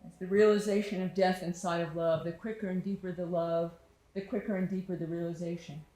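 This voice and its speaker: On a small studio theater stage, a woman performs a tender, reflective solo storytelling monologue, lingering on her words. Her fairly low, dark voice is steady in tone and fairly quick, with faint music behind her and an echoey room sound.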